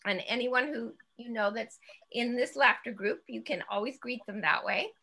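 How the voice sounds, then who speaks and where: A woman's voice: a little high, normal speed, creaky, bright, forceful tone. A woman teaching a laughter yoga class, chanting ho-ho-ha-ha and guiding breathing with an upbeat, laughing manner. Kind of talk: guided laughter exercise class.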